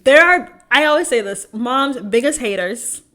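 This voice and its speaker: A woman in her twenties co-hosting a casual podcast chat, telling stories with lively acted-out quotes and frequent laughter. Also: sits high, normal speed. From family from Haiti. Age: 20s. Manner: animated storytelling, acts out her mom's lines, laughs often. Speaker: podcast co-host.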